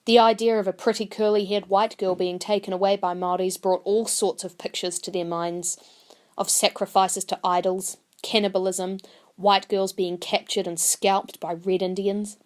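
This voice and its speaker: A woman's voice: flat delivery, normal speed. A woman reading a short story aloud, voicing characters and speaking Māori phrases. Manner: voices characters with rising pitch and Māori phrases. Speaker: narrator.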